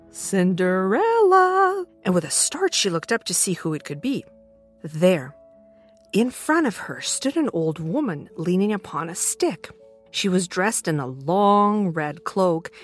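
A woman hosting a children's storytime show, narrating a fairy tale gently and expressively. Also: fairly low pitch. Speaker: storytime host.

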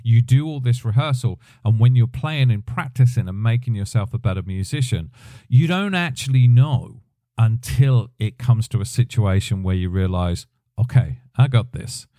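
A man's voice: mid-range voice, lively intonation, moderate pace, mellow, no echo, studio quality. A middle-aged man telling a rambling personal story on his podcast, often correcting himself as he goes. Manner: rambling, self-correcting, chatty. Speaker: podcast host, drummer. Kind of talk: casual storytelling.

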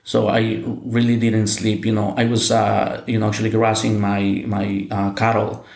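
A man from Mexico, telling his life story in casual English and often pausing with "you know" and restarts. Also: lowish voice, completely flat delivery, gravelly, a little mellow. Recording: roomy echo.

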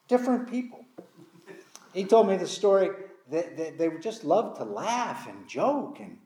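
Lively, self-deprecating man preaching in a roomy hall. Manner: candid, self-deprecating storytelling with lively pitch. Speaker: pastor. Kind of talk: sermon with personal storytelling. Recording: roomy echo.

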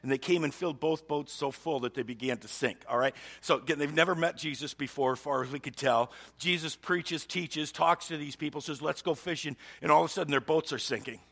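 A man's voice: on the high side, a little fast, vocal fry, few pauses, fairly bright tone. A male pastor giving a sermon in a humorous storytelling way, chuckling often.

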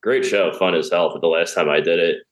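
Deep-voiced man laughing through stories. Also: fairly even intonation, brisk. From Pennsylvania. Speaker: stand-up comedian guest. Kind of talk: casual storytelling chat.

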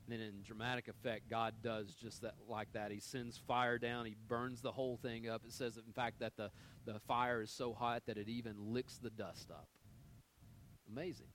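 A man preaching a sermon, retelling a Bible story with lively quoted dialogue and loose, conversational fillers. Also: medium pitch, normal speed, a little hiss or hum. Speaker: pastor.

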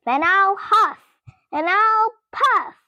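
A woman doing a hungry storybook fox, slow and menacing. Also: very high-pitched, pushed and bright, dry recording, muffled recording, pitched above the performer's own voice, exaggerated voice.

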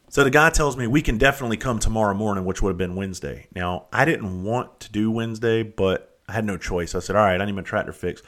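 A man with a fairly low voice tells a casual, swear-filled story. He quotes his own phone calls and gets worked up. The delivery is blunt and direct, like a vent to the camera. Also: fairly bright tone. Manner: blunt, profane, heated storytelling with quoted dialogue. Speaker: vlogger.

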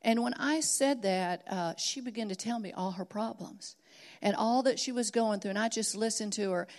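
A woman's voice: medium pitch, normal speed, darkish tone. A middle-aged woman preaching a sermon, telling stories earnestly and building to emphatic exhortation.

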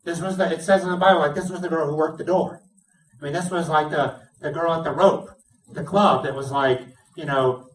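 A male pastor preaches his sermon as a vivid, animated story, acting out the characters' dialogue at a fairly quick pace. His slightly high voice rings through a roomy church sanctuary, picked up by a mic some distance away.

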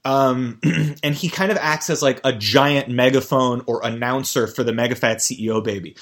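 A man's voice: mid-range voice, moderate pace, fairly bright tone. A man recapping a cartoon episode in casual chat, rambling, restarting sentences and amused. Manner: rambling, self-interrupting, amused. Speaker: podcast host recapping a cartoon.

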